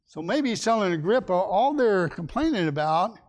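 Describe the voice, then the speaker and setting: A man's voice: high-pitched, animated, normal speed. A man teaching a Sunday Bible class in a folksy way, asking his listeners questions and acting out the people in the story.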